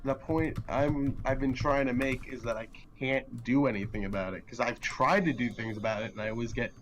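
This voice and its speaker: A man's voice: mid-range voice, fairly even intonation, brisk, background noise. A young man streaming live, arguing back defensively in a rambling way with many restarts. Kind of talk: casual argument on stream.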